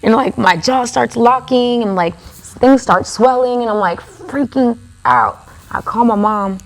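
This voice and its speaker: A woman's voice: fairly high pitch, a little slow. A woman guest on a podcast, telling a story in a casual, chatty way and leaning on "like" as filler. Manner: chatty, filler-heavy with frequent "like". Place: tattoo studio podcast set.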